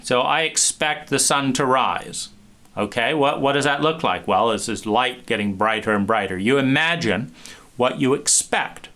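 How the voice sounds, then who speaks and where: A man giving an animated talk, acting out small scenes and restarting phrases often. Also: medium pitch, normal speed. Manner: animated, acts out little scenes with many restarts. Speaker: speaker. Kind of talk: lecture.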